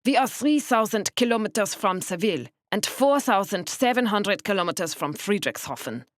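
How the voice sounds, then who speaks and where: A woman's voice: mid-range voice, expressive, normal speed, no room sound, studio quality, voice pushed up, natural voice. A woman voicing a stocky German widow with a thick German accent, speaking curtly and snappishly in an audiobook. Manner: curt, snappish, clipped.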